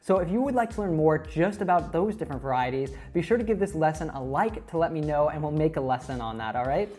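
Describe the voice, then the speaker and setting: A woman presenting an online English lesson, explaining clearly and speaking directly to viewers. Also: deep voice, expressive, quick pace, warm tone, faint music behind. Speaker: English teacher.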